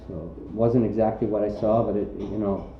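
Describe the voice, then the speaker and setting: A man's voice: lowish voice, fairly even intonation, normal speed, slight background noise. Male interviewee, rambling with fillers, dull echoey recording. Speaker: charity volunteer, interviewee. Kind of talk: casual interview answer. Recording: echoey, dull lo-fi sound, faint music.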